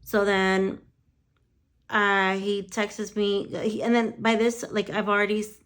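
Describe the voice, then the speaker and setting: A woman's voice: medium pitch, level tone, measured pace, fairly bright tone, clean tone. A woman lash artist telling a story in casual chat, swearing freely and quoting conversations with "I'm like".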